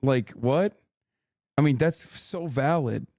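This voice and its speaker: A man's voice: mid-range voice, takes it slowly, vocal fry, darkish tone. A man streaming live, reacting in casual chat, incredulous and profane as he reads out chat messages.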